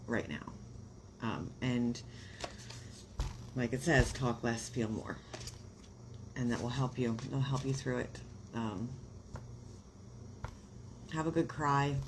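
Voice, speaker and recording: A woman's voice: extremely low pitch, noisy background. A woman giving astrology readings on a live stream, talking casually with many fillers and growing emotional about her viewers. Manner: warm, emotional, chatty with frequent fillers. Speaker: astrology reader on a livestream.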